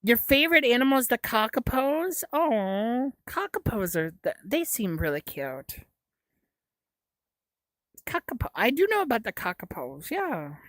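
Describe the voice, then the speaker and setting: A young woman chats on her livestream, reacting to comments with giggles and stumbling restarts. Her voice swoops up and down in lively bursts. It is picked up dry and close on a desk mic, with no room sound. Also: on the high side, a little slow, no echo. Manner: giggly, stammering, jokey. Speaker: livestream host. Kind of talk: casual chat reading viewer comments.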